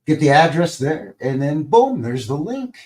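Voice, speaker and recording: A man's voice: on the high side, big pitch swings, unhurried, darkish tone. A man hosting a live stream, chatting casually in a rambling, playful way and tossing in goofy sound effects. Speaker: livestream host.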